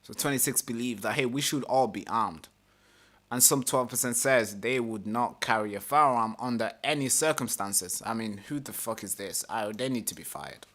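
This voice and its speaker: A man's voice: mid-range voice, moderate pace, pushed and bright. A male host reading an article aloud during a live stream and commenting on it, swearing, repeating himself and putting on mocking voices.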